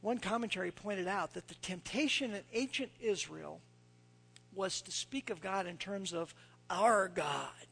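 A man preaching a sermon, telling folksy stories and dropping to a hushed near-whisper when he quotes scripture. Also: sits high, unhurried, vocal fry, breathy edge. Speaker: pastor.

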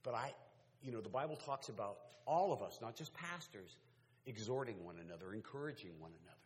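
A male pastor preaching a sermon, swinging from quiet, intimate talk to loud, fervent exhortation. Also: medium pitch, lively intonation, a little fast, long reverb tail.

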